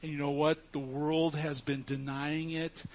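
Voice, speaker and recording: A man delivers a sermon in a slow, deliberate cadence, leaning hard on key words. His voice sits a little high for a man, and he speaks straight to the congregation as he teaches. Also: level tone. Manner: emphatic preaching, addresses the congregation as church. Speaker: pastor.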